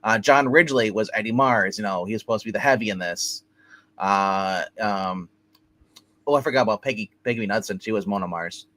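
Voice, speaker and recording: A man co-hosting a movie review show, talking casually in a rambling, halting way and often restarting his sentences. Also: on the low side, pushed and bright.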